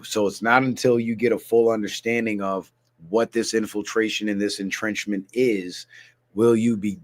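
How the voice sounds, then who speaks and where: A middle-aged man hosting a livestream, telling stories in a loose, casual way with plenty of swearing. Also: lowish voice. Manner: loose, swearing storyteller, animated asides. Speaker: livestream host.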